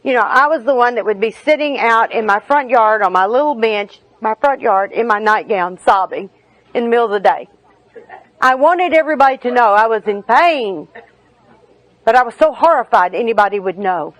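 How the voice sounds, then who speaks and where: A woman's voice: fairly high pitch, expressive, normal speed, fairly bright tone, rough recording. A middle-aged woman giving a candid, humorous personal talk at a recovery meeting.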